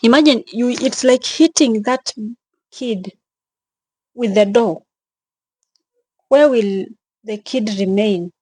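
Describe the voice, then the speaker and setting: A young woman vlogging with emotion, speaking in a halting way, repeating herself and sounding tearful and shaken. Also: on the high side, darkish tone, husky, no echo. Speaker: travel vlogger. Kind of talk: emotional vlog narration.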